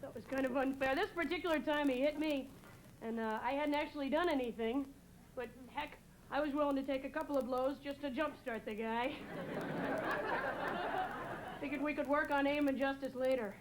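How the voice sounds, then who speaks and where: A young woman from New England doing a deadpan stand-up set, hesitating with many "uh"s. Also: sits high, normal speed, crowd noise. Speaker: stand-up comedian. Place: TV studio stage before a live audience. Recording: loud audience laughter and noise.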